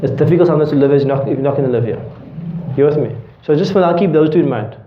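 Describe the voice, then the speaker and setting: A man's voice: fairly high pitch, racing, background noise. A man teaching a classroom lecture. He explains with everyday examples and keeps checking that students are following. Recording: roomy, dull lecture-hall recording.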